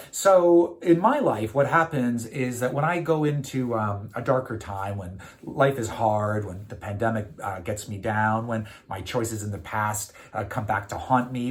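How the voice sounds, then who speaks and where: A man, a keynote speaker, giving a reflective motivational talk to camera, with frequent hesitations and filler sounds. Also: medium pitch.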